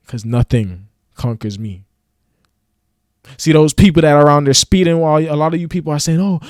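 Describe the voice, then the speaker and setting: Casting: preachy male vlogger, slangy street talk, slightly high voice, close and dry. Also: darkish tone, no room sound. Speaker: motivational vlogger. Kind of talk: casual motivational rant.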